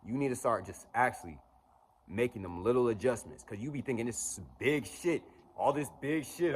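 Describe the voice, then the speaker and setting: A man's voice: mid-range voice, lively intonation, fairly quick, slight background noise. A man in his twenties giving a blunt, profane motivational monologue as a vlogger. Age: 20s. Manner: blunt, profane, preachy pep talk.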